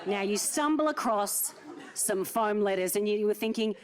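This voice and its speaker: A woman's voice: mid-range voice, moderate pace. A woman, doing live stand-up and teasing an audience member in a theatre. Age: early 40s. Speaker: stand-up comedian. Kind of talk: live stand-up with crowd work. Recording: noisy live theatre recording.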